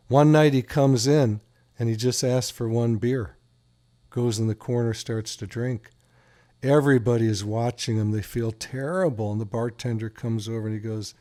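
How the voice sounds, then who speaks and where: A man's voice: mid-range voice, moderate pace, mellow. A man hosting a talk radio show, joking and telling stories in a casual, playful way. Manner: playful, joking, teasing his co-host. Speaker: radio show host, doctor.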